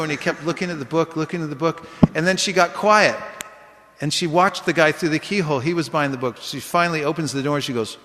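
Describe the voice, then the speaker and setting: A man with a fairly high voice tells stories to a class, animated and chatty, sometimes acting out the people he met. The sound is echoey, with a long hall reverb around him. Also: fast talker. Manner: animated storyteller, acts out voices in quotes. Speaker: book distribution speaker. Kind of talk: informal class talk with anecdotes. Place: temple hall.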